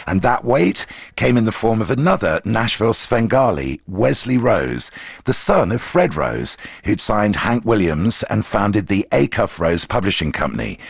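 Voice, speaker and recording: A man presenting a radio music documentary in a measured, scripted storytelling manner. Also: lowish voice, gravelly, breathy edge, dry recording, clean studio sound.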